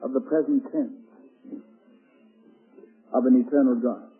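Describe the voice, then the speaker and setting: A man preaching a sermon with dramatic swings between hushed and loud delivery. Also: mid-range voice, steady tone, unhurried, slightly rough, faint music behind. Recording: tinny lo-fi radio broadcast.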